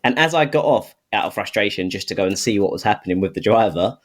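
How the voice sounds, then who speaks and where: A man's voice: fairly low pitch, lively intonation, fast. A man co-hosting a podcast, telling holiday anecdotes in an easygoing way and laughing through them. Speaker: podcast co-host. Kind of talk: casual storytelling chat.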